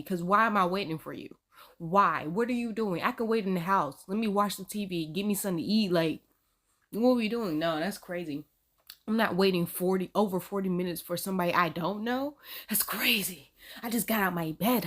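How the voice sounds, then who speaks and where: A woman talks back to the stories she watches in a casual, sassy commentary voice. She is expressive and laughs easily, and her voice sits at an ordinary middle pitch. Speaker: reaction video host.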